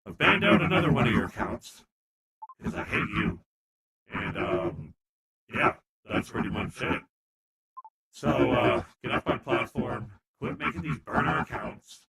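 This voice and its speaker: A man doing a smug, gravelly tech boss. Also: medium pitch, very animated, measured pace, long pauses, crowd noise, voice pushed up. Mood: gloating. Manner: mocking, gloating. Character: smug male tech boss scolding a user. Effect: voice changer.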